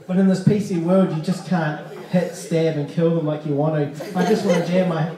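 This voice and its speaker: A man's voice: on the high side, fairly quick, few pauses, crowd noise. A man doing a live stand-up set in a comedy club, talking in a wry, conversational way with profane asides. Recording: echoey club sound from a distant mic.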